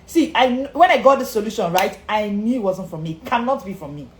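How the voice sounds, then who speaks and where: A woman confidence coach with a mid-range voice and lively intonation talks fast in an emphatic live-streamed motivational session. She repeats her key lines and greets viewers by name. The recording has a little hiss or hum, with an echoey room and faint ambience.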